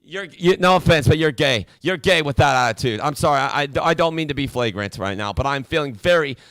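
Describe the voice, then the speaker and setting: A man's voice: on the high side, animated, fairly quick, fairly bright tone, no room sound. A man hosting a mock call-in show, ranting in an indignant, preachy way and stammering often. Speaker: comedy call-in show host.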